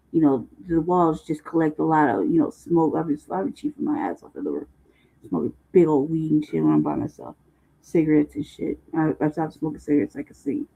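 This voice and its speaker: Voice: mid-range voice, gravelly, dark tone. A livestream host in casual, rambling talk, profane and loose with slang, often laughing. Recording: muffled phone-like livestream audio.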